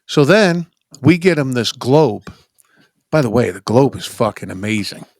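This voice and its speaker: A man's voice: mid-range voice, expressive, measured pace, a little mellow, no echo. Man hosting a podcast, casual, joking, swears freely, dry close mic. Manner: profane, joking, conversational. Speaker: podcast host.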